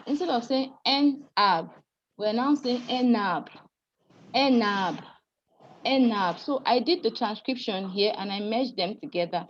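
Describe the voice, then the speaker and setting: A woman's voice: fairly high pitch, a little mellow. A woman teaching a French pronunciation class, explaining sounds patiently, spelling out letters and calling on students to read aloud. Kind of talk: live class lesson. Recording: dull lo-fi recording with faint noise.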